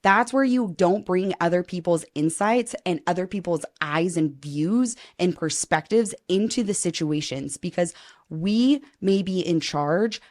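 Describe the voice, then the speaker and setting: A woman podcast host telling a story in casual interview chat, animated, acting out quoted dialogue and swearing now and then. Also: fairly low pitch.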